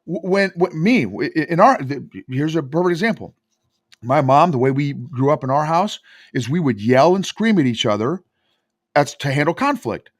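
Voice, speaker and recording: A man's voice: fairly high pitch, normal speed, dry recording, studio quality. A man who coaches emotional intelligence, telling stories emphatically in a podcast interview. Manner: emphatic, animated storytelling.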